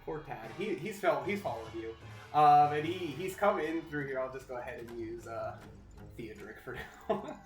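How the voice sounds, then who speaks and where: A man's voice: medium pitch, animated. Casual male game master, echoey room. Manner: casual, halting, many fillers. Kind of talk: narrating a tabletop game. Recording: echoey room with faint music.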